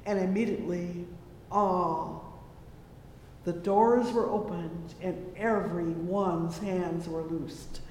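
A preacher delivering a fervent sermon, repeating "oh, yes" and "praise the Lord" and swelling loudly on the exclamations. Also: steady tone, slow. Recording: echoey hall with faint rumble.

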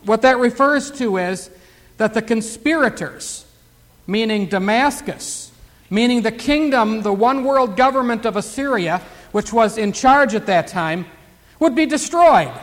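Older guy preaching bible study, folksy, lots of "isn't it?" questions, highish voice, big echoey hall. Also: animated, a little slow, a bit bright. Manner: folksy, rhetorical questions, reads scripture aloud. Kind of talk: Bible teaching sermon. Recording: long hall reverb.

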